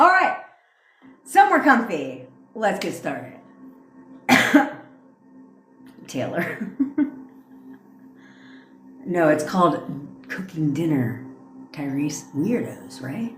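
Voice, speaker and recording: A woman life coach talks loosely to her livestream viewers, peppering her chat with curses and laughter. Her voice sits a bit low yet swings widely in pitch. The sound is roomy and echoey. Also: very animated, extremely slow, long pauses, a bit bright, soft background music. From North America. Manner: profane, laughing, rambling. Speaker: manifestation coach.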